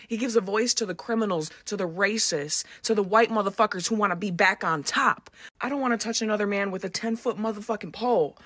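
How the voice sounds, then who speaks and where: A woman venting to camera, tearful and profane, at times crying and shouting. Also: mid-range voice, no echo.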